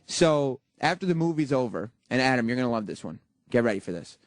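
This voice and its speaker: A man's voice: medium pitch, big pitch swings, a little fast, no room sound. A man hosting a radio show, chatting and teasing his co-host in casual studio banter, with many fillers.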